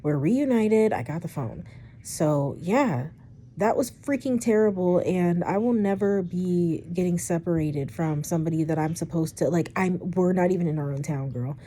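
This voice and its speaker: A woman's voice: fairly low pitch, normal speed, slight background noise. Chatty young woman telling a story. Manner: chatty, rambling, swearing, animated retelling. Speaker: storytime vlogger. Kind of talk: casual storytime vlog.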